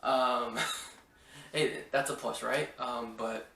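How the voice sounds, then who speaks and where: Slow-talking man in an echoey room. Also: mid-range voice, steady tone, gravelly, bright, forceful tone, a little hiss or hum. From Washington State. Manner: rambling, exclamatory, stammers on restarts. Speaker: podcast host. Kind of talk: casual movie review chat. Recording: roomy echo, mic at a distance.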